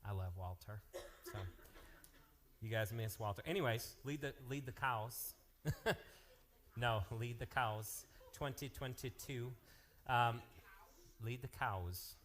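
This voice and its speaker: An energetic man running a youth group, cracking jokes and jumping from topic to topic. His pitch sits in the middle of the male range. He speaks to a live room of teens. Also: slow, long pauses. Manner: energetic, joking, jumps between topics. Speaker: youth pastor. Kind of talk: live youth ministry announcements and storytelling.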